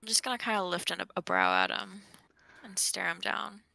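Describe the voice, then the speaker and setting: A woman playing in a tabletop game, speaking bluntly and deadpan in character. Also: medium pitch, moderate pace, creaky, no echo. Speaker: player. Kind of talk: casual tabletop role-play.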